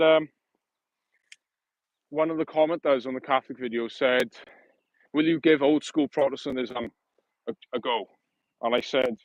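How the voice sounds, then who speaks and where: A man's voice: medium pitch, no room sound, muffled recording. A man hosting a casual livestream outdoors, rambling and correcting himself in a friendly, matey way. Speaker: livestream host.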